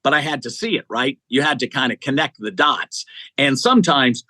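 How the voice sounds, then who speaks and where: Energetic storytelling man in his sixties. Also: mid-range voice, normal speed, no echo. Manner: enthusiastic, tumbling sentences with many restarts. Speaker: interview guest, executive recruiter. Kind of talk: conversational storytelling.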